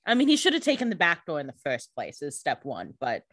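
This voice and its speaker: A woman co-hosting a podcast, chiming in with quick comments and jokes while recapping a TV episode. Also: low-pitched, huge pitch swings, a bit bright, no room sound. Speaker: podcast co-host.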